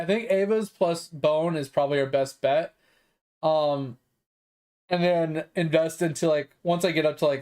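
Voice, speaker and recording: A man's voice: fairly high pitch, a little mellow. A man streaming a game, chatting casually and rambling with lots of "like" and "um", swearing now and then. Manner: rambling, heavy use of "like" and "um" fillers. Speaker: gaming streamer. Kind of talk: casual live-stream chat while gaming.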